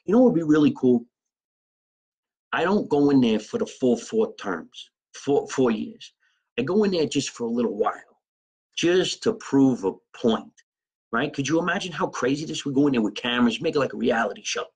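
A man's voice: medium pitch, expressive, normal speed, slightly rough, poor audio. A man hosting a comedy podcast, telling a rambling, profane, improvised comic story.

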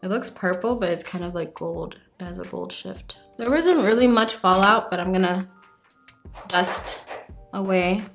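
A young woman vlogging casually as she does her makeup, telling a story in a chatty, animated way with lots of "like". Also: lowish voice, a little slow, faint music behind. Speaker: beauty vlogger.

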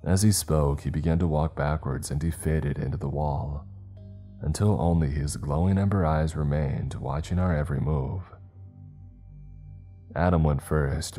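A man narrating a horror story in a slow, measured storytelling voice. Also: a bass voice, warm tone. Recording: faint background music.

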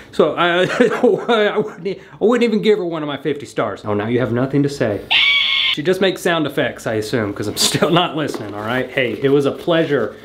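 Man, comedy vlog host, sarcastic, mocking, very animated intonation, noisy recording. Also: fairly high pitch. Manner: sarcastic, roasting the props in mock insults; bursts of laughter and startled yelps. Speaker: comedy YouTuber reviewing products. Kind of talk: comedic product-review vlog.

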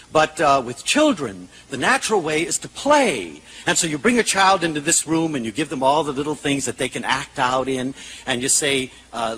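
Bright, lively man giving a lecture. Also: on the high side, slight background noise, poor audio. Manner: animated, storytelling, self-mocking humor. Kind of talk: public lecture to an audience.

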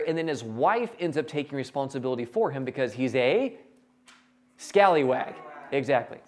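A man preaching a sermon, animated and jokey, acting out characters in quick quotes. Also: mid-range voice. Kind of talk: sermon with acted Bible quotes.

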